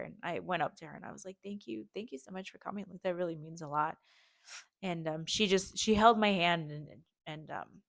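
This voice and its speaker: A woman's voice: on the low side, vocal fry, no echo, clean studio sound. A young woman hosting a podcast, telling a personal story in a heartfelt, rambling way with many fillers and restarts. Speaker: podcast host.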